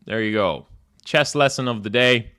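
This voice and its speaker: A man's voice: medium pitch, moderate pace, sharp tone, clear, resonant tone. A young man casually commentating his own chess game on a live stream, joking, mock-boastful and self-mocking.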